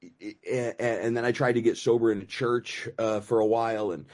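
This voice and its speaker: A man's voice: mid-range voice, fairly even intonation, moderate pace, darkish tone. A middle-aged man gives a personal recovery share. He talks casually, with lots of "you know" and restarts. His humor is dry and self-mocking. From United States. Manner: conversational, many fillers and repeats. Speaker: recovery meeting speaker.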